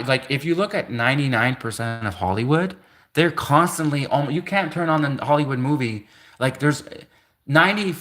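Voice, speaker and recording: A man in his thirties with a bright, forward voice hosts a livestream and tells a story in a loose, wandering way. He keeps correcting himself mid-sentence and scatters "like" through his talk, laughing between thoughts. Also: medium pitch. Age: 30s. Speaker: livestream host. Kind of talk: rambling casual storytelling.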